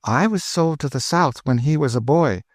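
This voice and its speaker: A man's voice: a little high, animated, moderate pace, no room sound, studio quality, pitched above the performer's own voice, lightly acted. An eager, emotional lady traveller, as a man puts her on. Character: grieving freed woman seeking her brother.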